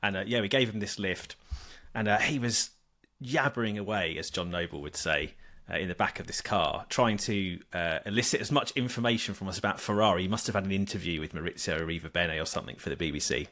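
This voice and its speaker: A man's voice: low voice, fast, sharp tone. A man guesting on a podcast, telling an anecdote animatedly with fillers and laughs. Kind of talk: casual chat, storytelling.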